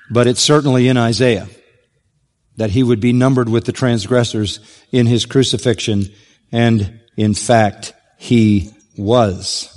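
A man's voice: medium pitch, long reverb tail. A man preaching an expository sermon, emphatic, rising to stress key points. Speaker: pastor.

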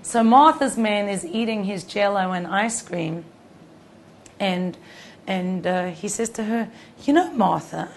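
A woman's voice: medium pitch, slow pace, a little hiss or hum. A woman teaching Torah to a group, telling a personal story in a conversational way with frequent restarts.

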